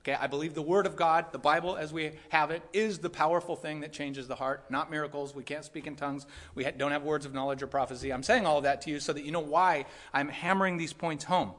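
A man's voice: a little high, fairly even intonation, quick pace, hardly any pauses, fairly bright tone. A male pastor preaching a conversational, emphatic sermon to his congregation, repeating his points and adding casual asides. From California.

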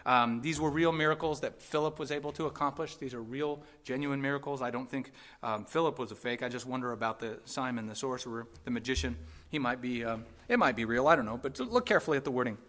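A man's voice: mid-range voice, a bit bright. A male pastor preaching a conversational, emphatic sermon to his congregation, repeating his points and adding casual asides. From California.

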